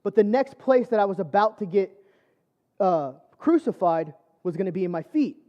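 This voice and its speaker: A man's voice: sits high, lively intonation, moderate pace, warm tone, highs cut off. A man preaching a personal testimony sermon, telling his story conversationally with lots of fillers. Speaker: church speaker.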